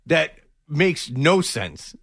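A man's voice: fairly high pitch, big pitch swings, very slow, a bit bright, no room sound. A man co-hosting a casual talk show, with dry, sarcastic wisecracks about sports and news.

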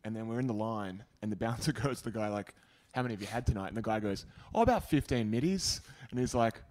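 An Australian man telling a quick pub story in casual podcast chat. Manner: fast, lively telling with sudden jumps in pitch.

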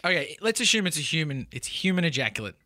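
A man's voice: a little high, sing-song, fast, bright, forceful tone, no room sound. A young man co-hosting a podcast, bantering casually, teasing and laughing often. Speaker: podcast co-host.

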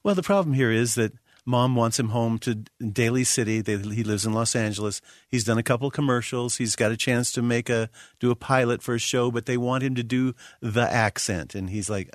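A man's voice: medium pitch, brisk, few pauses, no echo. A man reviewing a film on a radio show in a studio, rambling and chatty. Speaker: film critic co-host. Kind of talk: casual movie review.

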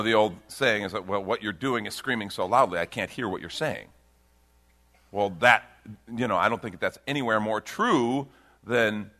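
A middle-aged pastor preaching a sermon to a congregation, delivered with big swings between loud emphasis and quiet intensity. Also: male voice. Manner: dynamic preaching with big swings in pitch and loudness.

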